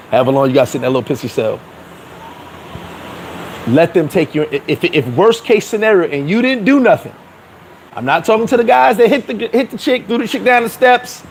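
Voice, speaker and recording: High-pitched New guy, casual and profane, street-smart advice monologue; light traffic noise in background. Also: low-quality recording. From New York. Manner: acts out dialogue in quoted voices. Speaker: vlogger.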